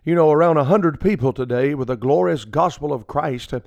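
A man's voice: fairly high pitch, a little fast, darkish tone, no echo, lo-fi sound. A middle-aged man preaching a folksy radio sermon, acting out the people he quotes.

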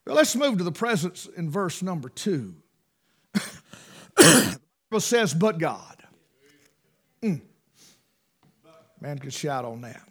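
Man, preacher, sermon, folksy and emphatic, bright forceful tone. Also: fairly high pitch, big pitch swings, measured pace, pauses often, slightly rough. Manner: folksy, emphatic, swings between loud bursts and hushed asides.

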